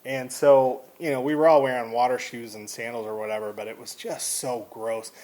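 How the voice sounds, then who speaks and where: A man's voice: medium pitch, moderate pace. Rambling Texan man telling a story. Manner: rambling, animated, restarts. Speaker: vlogger. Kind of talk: casual storytelling to camera.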